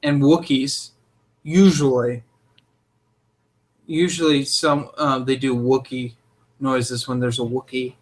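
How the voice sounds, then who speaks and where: A young man co-hosting a casual chat, opinionated and jokey, with animated delivery. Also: mid-range voice, slow pace, pauses often. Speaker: podcast co-host.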